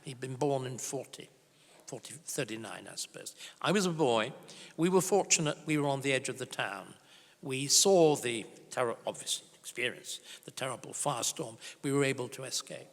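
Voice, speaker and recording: A man's voice: mid-range voice, lively intonation, moderate pace. Emphatic older man in a hall. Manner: emphatic, grave and forceful. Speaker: historian giving a conference talk. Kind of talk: conference speech and Q&A answer. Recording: reverberant conference hall.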